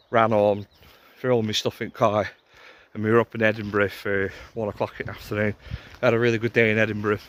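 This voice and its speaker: A man's voice: lowish voice, fairly bright tone, a little hiss or hum. A young man from Lancashire chatting casually to camera for a travel vlog, rambling and laughing often, filmed outdoors at a forest campsite on a handheld camera. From Lancashire, England. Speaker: vlogger.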